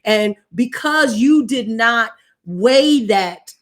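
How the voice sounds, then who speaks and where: A woman's voice: a little high, animated, very slow. A woman co-hosting a live marriage talk, speaking earnestly in a sermon-like way about faith and commitment. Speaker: co-host of a marriage talk show. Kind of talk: live-streamed marriage teaching.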